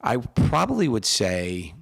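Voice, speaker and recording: A man in his forties co-hosting a podcast, telling stories in a rapid, animated way. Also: on the low side, creaky, breathy edge. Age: 40s. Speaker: podcast co-host. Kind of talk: casual podcast chat.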